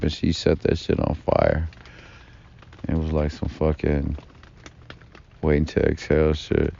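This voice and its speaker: A man vlogger tells a long personal story in a rambling, profane monologue full of fillers and asides. His voice is extremely low with vocal fry and a dark tone, captured on a dull lo-fi recording.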